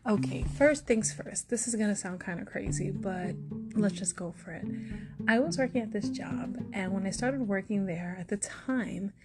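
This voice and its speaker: A self-assured woman in her forties with a New York accent talks through her own stories like a podcast host. She sounds chatty and confident, at an ordinary middle pitch. Guitar music plays clearly underneath her voice. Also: normal speed. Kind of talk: casual personal monologue.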